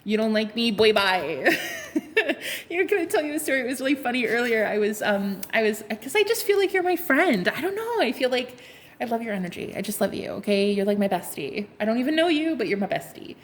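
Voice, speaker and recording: A woman's voice: fairly high pitch, big pitch swings, fast. A woman giving a casual tarot reading to her viewers, sassy and playful, laughing often, swearing and calling them honey. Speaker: tarot card reader.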